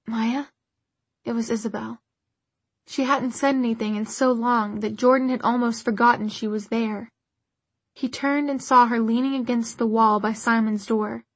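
A woman narrates a novel aloud with a breathy, slightly husky tone. Her voice sits a little high for a woman and sounds close and dry, with no room around it. She keeps a quiet, restrained delivery. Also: fairly even intonation, normal speed, no room sound. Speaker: audiobook narrator. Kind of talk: scripted narration.

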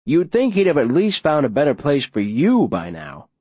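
A man's voice: on the high side, wildly swooping pitch, normal speed, warm tone, breathy edge, dry recording, dull audio, voice pushed up, exaggerated voice. A man voicing a sardonic middle-aged ex-mayor, wry, weary, audiobook reading, lifted voice, dry close sound. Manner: wry and mocking, a bit raised. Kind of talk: audiobook character voice.

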